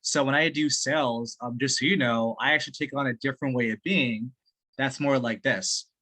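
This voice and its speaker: Over a video call, a sales training partner gives feedback as an excitable man who swears freely and laughs mid-sentence, getting carried away. His casual chat comes in a bright, forceful voice of medium pitch, a little fast.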